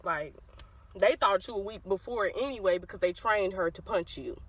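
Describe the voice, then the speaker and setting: A woman with a Southern US accent telling a childhood story to her viewers in a casual, animated way, acting out the voices of the people in it. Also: mid-range voice, moderate pace, low-quality recording. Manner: animated, addresses viewers as y'all, acts out quoted voices.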